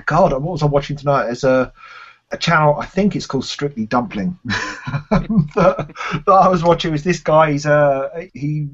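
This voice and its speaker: A man's voice: on the high side, moderate pace, fairly bright tone. A man talks through his answers in a loose, chatty way, peppering them with "kind of" and "you know". The recording sounds dull and lo-fi. He pokes fun at himself as he goes. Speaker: interviewee, games reviewer and TV presenter. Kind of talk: casual interview chat.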